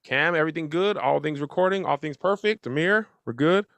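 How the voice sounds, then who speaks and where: Male talk show host, playful and joking, a bit high voice, dry close sound. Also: fairly quick, fairly bright tone, no room sound. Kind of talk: casual talk show hosting.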